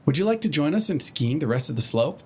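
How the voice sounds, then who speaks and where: A man voicing a bubbly, excitable female party pony in a storybook reading. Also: on the high side, fast talker, husky, pitched above the performer's own voice. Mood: chirpy.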